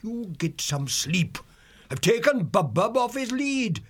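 A chatty old dormouse who loves his food, rambling along in a rustic country dialect. His voice sits high and drawls slowly, with an odd, strained timbre well apart from the reader's usual deep tone. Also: sing-song, breathy edge, full character voice. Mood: folksy. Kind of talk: audiobook character voice.

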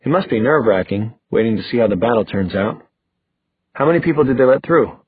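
A man's voice: medium pitch, lively intonation, fast, slightly rough, dry recording. A man voicing an awkward young man. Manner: awkward, joking. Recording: dry, phone-like thin sound.

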